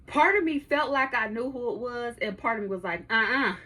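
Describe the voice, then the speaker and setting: Lively thirties woman telling stories. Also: a little high, fairly quick, slightly rough. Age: 30s. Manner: lively, profane, laughs often. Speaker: podcast host. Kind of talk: casual storytelling to listeners. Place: her home studio.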